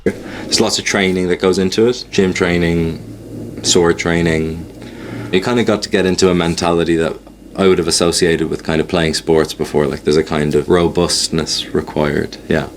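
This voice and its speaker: An Irish man in an interview clip, speaking in a measured, thoughtful way with many kind-ofs. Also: low-pitched, fairly even intonation, a little hiss or hum. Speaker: actor in interview.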